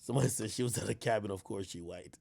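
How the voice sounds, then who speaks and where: A young man hosting a livestream, reacting to chat in loud, slangy, animated banter. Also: racing, creaky. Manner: loud animated slangy banter, jumps in pitch when riled up. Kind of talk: casual livestream commentary.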